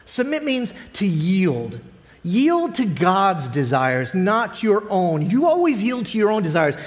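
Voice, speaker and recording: A man with a high voice delivers a sermon as a pastor. His preaching is earnest and conversational, full of rhetorical questions put to the congregation. His voice rings out with the long reverb of a large church hall. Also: huge pitch swings, takes it slowly.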